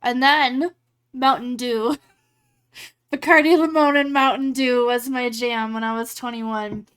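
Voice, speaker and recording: A woman's voice: on the high side, fairly even intonation, a little slow, a bit bright, clean tone. A woman streamer chatting casually with her live chat while she edits photos. She rambles along, fills her talk with "like" and laughs easily.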